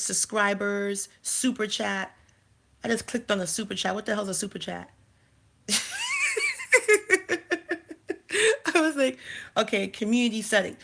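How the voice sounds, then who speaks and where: A woman's voice: mid-range voice, vocal fry, a bit bright. A woman hosting a casual live stream, chatting and thinking aloud while she fumbles through her channel settings. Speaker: life coach and channel host.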